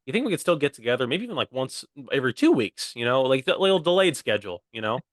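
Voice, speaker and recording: A man's voice: medium pitch, sing-song, quick pace, no echo, clean studio sound. A young American man co-hosting a casual comedy podcast, playful and joking. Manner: joking, playful, fond of silly voices. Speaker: podcast co-host.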